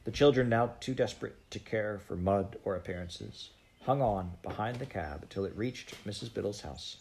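A man narrating a storybook aloud in a steady, measured reading voice. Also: lowish voice, vocal fry, a little hiss or hum. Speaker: audiobook reader.

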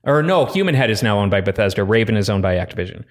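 Low-voiced young man telling rambling stories. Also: sing-song, very fast. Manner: rambling, filler-heavy storytelling. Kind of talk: casual chat.

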